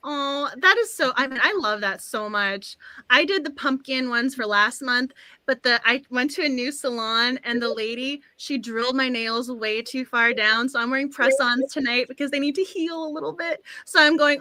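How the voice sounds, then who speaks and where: A high, bright-voiced woman hosting a book club livestream over a video call mic. She gushes with excitement and laughs often, with a dry, close sound. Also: moderate pace, no echo. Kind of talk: casual livestream chat.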